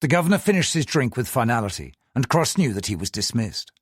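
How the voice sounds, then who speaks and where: A man narrating an audiobook in an expressive storytelling style. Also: mid-range voice, quick pace, husky, dry recording, clean studio sound.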